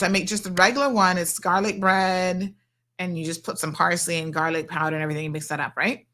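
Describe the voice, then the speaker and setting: A woman's voice: lowish voice, moderate pace, a bit bright. A woman hosting a radio show from the studio, chatting casually and reading out listener messages.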